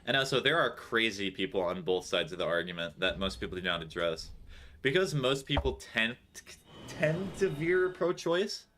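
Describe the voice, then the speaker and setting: A man's voice: on the low side, very animated, moderate pace, bright, forceful tone, a little hiss or hum. A man streaming a game, chatting casually with viewers in a joking, sarcastic way. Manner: joking, sarcastic, laughs often. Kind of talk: casual live-stream chat while gaming.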